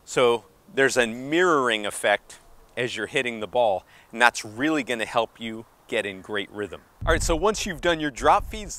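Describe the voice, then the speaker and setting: A male tennis coach with a mid-range, fairly bright voice gives an outdoor on-court lesson. He counts beats out loud while demonstrating strokes and cheers the viewer on, a bit breathless from the movement.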